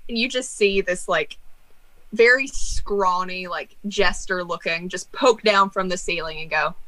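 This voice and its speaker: A woman's voice: lowish voice, unhurried, pushed and bright, low-quality recording. A woman narrating as game master of a tabletop game, casual and giggly with lots of fillers.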